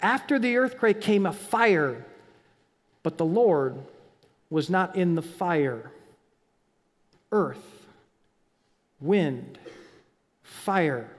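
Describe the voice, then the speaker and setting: High-voiced preacher in a reverberant hall. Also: male voice, lively intonation, extremely slow, long pauses. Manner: dynamic preacher, drops to whispers and rises to near-shouts. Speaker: pastor. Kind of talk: sermon.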